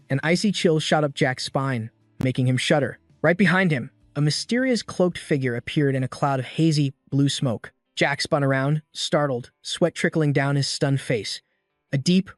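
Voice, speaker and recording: Man narrating a story recap, fairly high. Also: no echo, clean studio sound.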